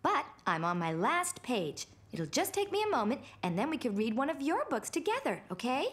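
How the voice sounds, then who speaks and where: A woman voicing a patient, gentle young mother in a cartoon. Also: high voice, big pitch swings, normal speed. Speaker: mother character. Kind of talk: cartoon voice acting.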